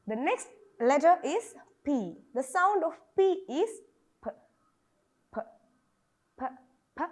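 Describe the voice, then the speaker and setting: A woman from Kerala with a Malayali English accent, teaching phonics to children and repeating each letter sound over and over. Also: high voice. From Kerala, India.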